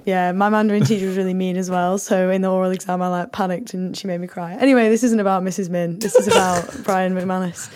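A woman's voice: on the low side, fairly even intonation, fast talker, few pauses, a little mellow, slight background noise. A woman co-hosting a podcast, chatty and self-deprecating, laughing often. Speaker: co-host. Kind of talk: casual podcast chat.

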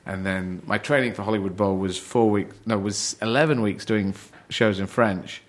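A man's voice: lowish voice, moderate pace. Rambling, laughing English comedian man. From England. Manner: rambling, laughing, restarts often. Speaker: comedian guest. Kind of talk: casual podcast chat.

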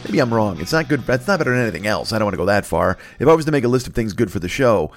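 A man's voice: on the low side, sing-song, very fast, dry recording, clean studio sound, soft background music. A man in his forties from the United States hosting a comedic solo podcast, rambling and swearing with self-mocking humor. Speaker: podcast host.

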